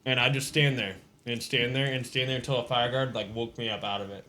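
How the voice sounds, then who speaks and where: A man's voice: medium pitch, steady tone, a little fast, bright, forceful tone. A man co-hosting a podcast who chats casually, swears and reacts with blunt comments. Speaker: podcast co-host. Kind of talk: casual chat. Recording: noisy background hiss.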